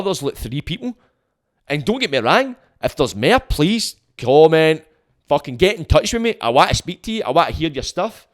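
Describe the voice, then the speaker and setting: Glaswegian guy on his podcast going off, passionate and sweary, normal mid voice. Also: medium pitch. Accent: Glaswegian Scottish. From Scotland. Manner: swears often, fired up, emphatic. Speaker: podcast host. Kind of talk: passionate monologue.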